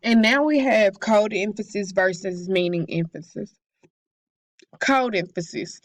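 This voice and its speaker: A woman's voice: mid-range voice, a little slow, no echo. Woman reading a class presentation, dry. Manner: careful, read-aloud delivery with occasional slips. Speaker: student presenter.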